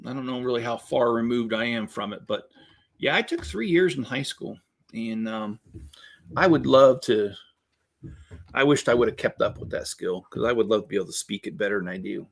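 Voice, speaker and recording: Guy in his 50s chatting w/ his stream while building, rambly and jokey, mid-pitched voice. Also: normal speed, gravelly. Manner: rambling and jokey, chuckles often. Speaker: host building LEGO sets while reading viewer chat. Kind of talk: casual live-stream chat.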